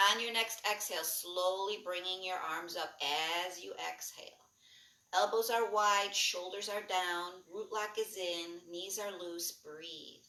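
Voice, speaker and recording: A woman instructor leading a guided breathing and movement class, giving calm, rhythmic cues that are mostly soft with brighter bursts. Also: lowish voice, measured pace, distant mic. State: lightly breathless while jumping. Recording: echoey room, voice a bit off-mic.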